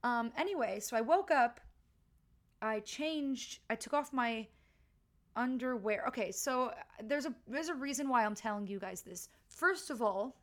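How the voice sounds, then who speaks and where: Woman host rambling thru a story time, kinda high voice, chatty and self-deprecating. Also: normal speed. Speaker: podcast host. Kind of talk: casual story-time monologue. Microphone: home podcast mic with wire.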